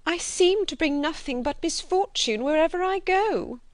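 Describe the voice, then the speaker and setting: A woman's voice: very high voice, expressive, normal speed, no echo, studio quality, pitched above the performer's own voice. A woman reading an audiobook, voicing a fussy, self-pitying older spinster who is a cousin and chaperone. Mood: plaintive.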